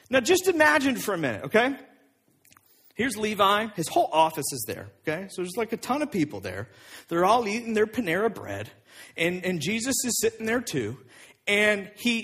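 A man preaching a sermon as pastor, telling the story with lively acted-out voices. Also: high voice, slightly rough. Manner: animated storytelling, acting out voices of people in the story.

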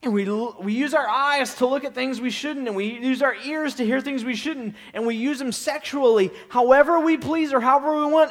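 A young adult man preaching a sermon in a high-pitched voice. His talk is casual and conversational, full of restarts, rhetorical questions and quick asides. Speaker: pastor.

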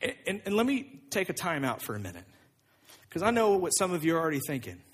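A man preaching a sermon, moving between loud, animated emphasis and quiet, hushed passages. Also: a little high, fast, slightly rough. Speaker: pastor.

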